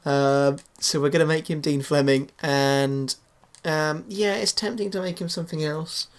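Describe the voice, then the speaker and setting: Speaking at a measured pace in a fairly high, steady voice, this young gaming YouTuber from England talks over his football match. His commentary is relaxed but halting, full of fillers and false starts.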